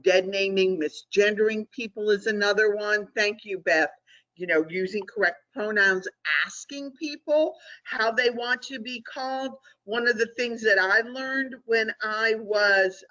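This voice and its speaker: A woman's voice: medium pitch, pushed and bright. A middle-aged woman presenting an online training webinar, talking conversationally and often checking in with "okay?". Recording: dull lo-fi webinar audio.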